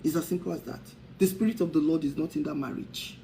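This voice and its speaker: A woman's voice: sits low, steady tone, quick pace, warm tone, a little hiss or hum, poor audio. Impassioned woman preaching. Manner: rhetorical, repeats questions for emphasis. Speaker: talk show host. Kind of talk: impassioned preaching-style talk.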